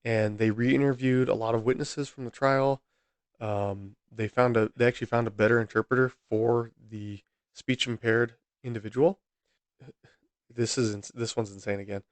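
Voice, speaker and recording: A man's voice: mid-range voice, normal speed, no room sound. Male solo podcast host, mid-range voice, exasperated and rambling, dry close-mic sound. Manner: exasperated, repeatedly outraged, rambling with restarts. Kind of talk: solo true-crime podcast narration.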